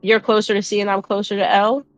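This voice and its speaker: A woman's voice: mid-range voice, level tone, fast talker, faint music behind, low-quality recording. A woman playing a tabletop game, chatty and upbeat, thinking aloud as she plays her character. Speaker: player.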